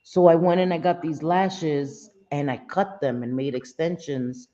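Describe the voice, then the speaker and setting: A woman's voice: sits low, unhurried, dark tone, dull audio. A middle-aged woman hosting a casual live chat, talking in a loose, chatty way and often laughing. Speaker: livestream host.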